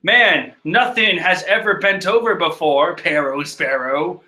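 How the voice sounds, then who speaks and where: A man reading through a manga chapter in casual, rambling commentary, excitable and profane, laughing and trailing off as he goes. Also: sits high, measured pace. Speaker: manga chapter reader and reactor.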